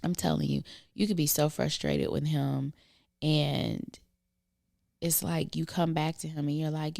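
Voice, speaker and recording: A woman's voice: low voice, steady tone, moderate pace, vocal fry, dry recording, studio quality. A middle-aged woman reflecting earnestly in a casual conversation on a podcast. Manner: thoughtful, earnest, speaks softly at times.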